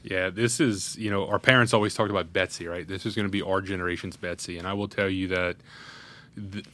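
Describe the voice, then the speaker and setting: A man's voice: sits low, fairly even intonation, brisk, a bit bright. A man, a parish president telling a candid, earnest story in an interview. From Louisiana, USA. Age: 30s. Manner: earnest, candid, recounting a crisis in detail. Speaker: parish president, podcast guest.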